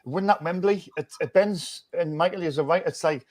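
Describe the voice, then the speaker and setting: A man chats as host of a football fan show. His voice sits a bit high, and he rambles upbeat through restarts and fillers. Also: moderate pace, darkish tone. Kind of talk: casual fan chat.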